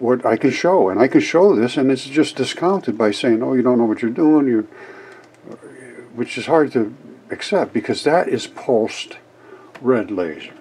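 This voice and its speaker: An older man rambling through an explanation of experiment footage, halting and repeating words as he goes. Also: medium pitch, mellow, slightly rough. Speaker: independent science video maker. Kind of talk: casual explanation over footage.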